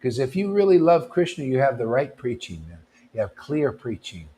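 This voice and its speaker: A man's voice: mid-range voice, sing-song, moderate pace, mellow, slight background noise. Blunt, confrontational male preacher. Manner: blunt, confrontational, calls listeners "man"; rhetorical questions, mocking asides. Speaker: devotional preacher at a devotee gathering. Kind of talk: informal spontaneous preaching.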